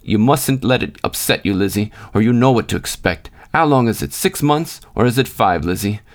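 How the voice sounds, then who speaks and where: A man's voice: lowish voice, lively intonation, normal speed. A man voicing a fretful, tearful woman of about sixty who rambles in lament. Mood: musing. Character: elderly mother-in-law, tearful and fretful.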